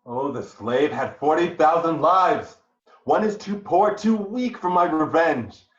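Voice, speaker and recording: A passionate, vengeful general, played by a man in an amateur Shakespeare reading. His voice swings from hushed brooding to roaring outbursts. It sounds echoey and muffled, like a room recorded on a lo-fi mic. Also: a little high, lively intonation, a little slow. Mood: jealous rage. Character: jealous male general Othello, passionate and vengeful.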